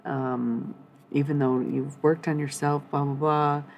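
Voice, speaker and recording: Young woman, blunt and profane tarot streamer; low, gravelly voice. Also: flat delivery, measured pace, a little mellow, highs cut off, slight background noise. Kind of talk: live-streamed tarot reading.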